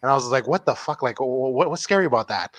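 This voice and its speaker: A man co-hosting a comedy podcast, excitable and chatty, stumbling over repeated words as he talks. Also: mid-range voice, fast talker, dry recording. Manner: excitable, stammering restarts. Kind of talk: casual podcast chat.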